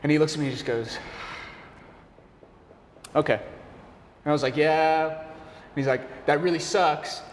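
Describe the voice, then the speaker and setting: A young man, a barista, telling a story in an animated, slangy way, his voice jumping up when he gets excited. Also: fairly high pitch, unhurried, long pauses, a little hiss or hum. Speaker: barista and café worker. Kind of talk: casual storytelling chat. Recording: roomy echo with long reverb, faint ambience.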